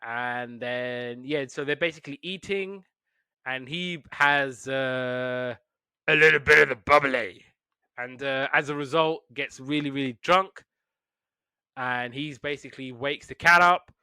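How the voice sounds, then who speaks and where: A man hosting a podcast in casual chat, retelling cartoons with lively put-on voices. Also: mid-range voice, a little slow, clear, resonant tone, no echo, studio quality. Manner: animated storytelling with put-on voices. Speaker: podcast host.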